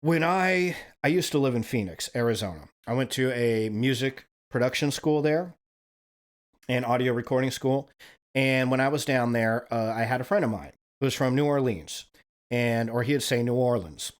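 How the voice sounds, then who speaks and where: A man's voice: medium pitch, moderate pace. Guy from wyoming ranting on his stream, rambly, swears a bunch, keeps saying right?. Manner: rambling, profane, frequent "right?" tags. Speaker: stream host. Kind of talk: casual storytelling rant.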